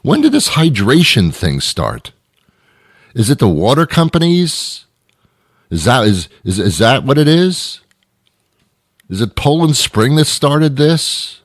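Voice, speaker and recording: A man's voice: medium pitch, big pitch swings, takes it slowly, pauses often, dry recording, clean studio sound. A middle-aged man hosting a radio show, delivering an exasperated, rambling comedic monologue full of repeated questions.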